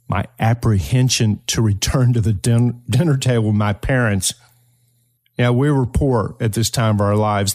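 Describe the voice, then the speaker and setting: An older man from eastern Kentucky, hosting his own podcast and telling a personal story in an earnest, motivational way with slow, emphatic phrases. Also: medium pitch, a little mellow. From eastern Kentucky, Appalachia. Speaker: podcast host.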